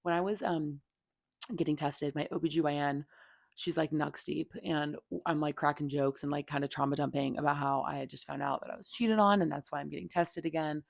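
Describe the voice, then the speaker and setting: A young woman hosts her own podcast in a candid, opinionated monologue. Her voice sits low and carries a gravelly fry. The sound is close and dry, and her delivery is frank, casual and full of fillers and swearing. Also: steady tone, fairly quick, no echo. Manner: blunt and frank, heavy filler "like", swears freely. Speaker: podcast host.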